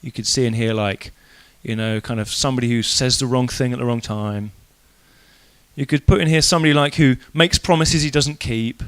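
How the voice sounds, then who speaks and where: A man with a clear, resonant, mid-range voice speaks a little fast while preaching an evening church sermon. His tone is casual and conversational, and he tells the story in lively fashion, acting out quoted voices.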